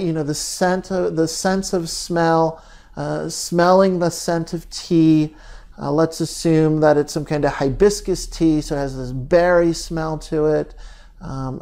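Gentle, halting male therapist. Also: a little high, fairly even intonation, creaky. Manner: slow, gentle, halting delivery with frequent pauses. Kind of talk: reflective guided talk.

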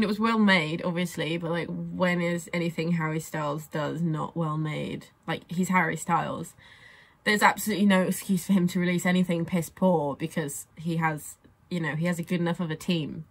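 A young woman giving casual reaction commentary on a music video, gushing and excitable and swearing freely. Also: lowish voice, moderate pace.

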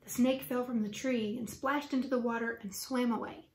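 A woman teacher reading a children's book aloud with lively, expressive storytelling. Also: fairly high pitch, normal speed. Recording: roomy echo.

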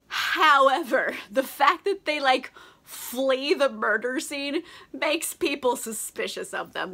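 A bright-voiced young woman talks fast and loose, a little tipsy from wine, laughing between lines. She recaps a story in casual chat, stuffing her sentences with "like" and putting on quick silly voices for the characters. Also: a little high. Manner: chatty, giggly, lots of likes, mock-voices characters. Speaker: book vlogger.

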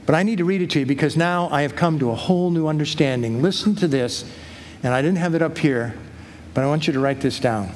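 A middle-aged man preaching a sermon in an earnest, heartfelt way, his voice sitting a little high. He reads scripture aloud with lifting emphasis. A faint hiss of noise runs under him. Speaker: pastor. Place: church hall.

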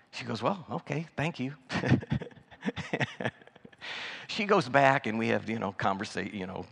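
Folksy preacher in a reverberant church. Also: male voice, lowish voice, gravelly, fairly bright tone, slightly rough. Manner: folksy, anecdotal, conversational with many restarts. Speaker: guest preacher. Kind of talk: sermon storytelling. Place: church sanctuary.

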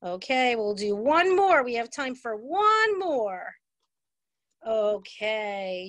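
A woman leading a children's dance class over a video call, slow and cheerful. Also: fairly high pitch, big pitch swings, fairly bright tone, no room sound. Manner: cheerful, slow and sing-song with small children. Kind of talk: online kids' dance class.

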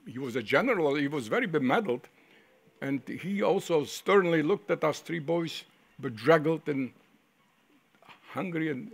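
An older man tells his own story as a survivor in a gravelly, husky voice that sits a little high for a man. He speaks haltingly, restarting and repeating words as he recalls events. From Poland. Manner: vivid storytelling that acts out the voices of people he quotes. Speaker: Holocaust survivor giving testimony. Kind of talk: first-person testimony.

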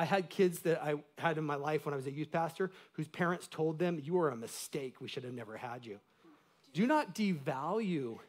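Casting note: male pastor, slightly high voice, animated preaching, calls out to the church. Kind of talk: sermon. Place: church sanctuary.

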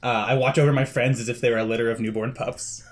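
A man at a tabletop game session who reads out his character's traits haltingly, full of ums and chuckles. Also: mid-range voice, flat delivery, slight background noise. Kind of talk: casual chat, reading character traits.

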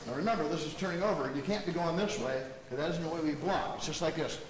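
A man's voice: fairly high pitch, fast. A man teaching a martial arts seminar, coaching students while demonstrating technique. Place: training hall at a seminar. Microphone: camera mic from a distance. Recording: echoey hall from far off, noisy.

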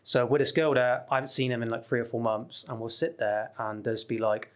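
A British man chatting as a podcast guest. He tells his stories in a loose, animated way, full of fillers and false starts, at an ordinary middle pitch. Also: fairly quick. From United Kingdom. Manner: animated storytelling with lots of fillers and restarts. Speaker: guest, travel YouTuber. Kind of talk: casual podcast chat.

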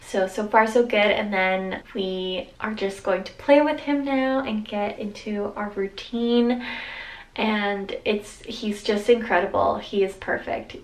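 A woman vlogs casually from her kitchen, chatting freely and often using "like" as a filler. Her voice sits at a middling pitch. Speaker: vlogger. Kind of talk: casual vlog chat. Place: home kitchen.

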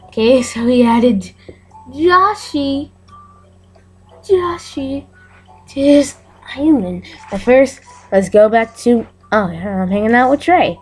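A woman's voice: on the high side, animated, takes it slowly, pauses often, darkish tone, breathy edge, faint music behind. A woman giving casual, chatty commentary as she plays a game, often giggling. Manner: chatty and giggly, narrating aloud. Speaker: gameplay video host.

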